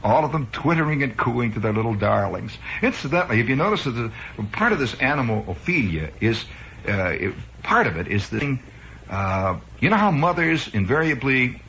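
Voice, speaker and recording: A man from Chicago spins a wry, rambling monologue with a lively, rising and falling voice. His tone is bright and forceful. The sound is muffled, like an old 1960s radio broadcast. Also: medium pitch, a little hiss or hum. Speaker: radio host. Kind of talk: improvised comic monologue. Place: radio studio.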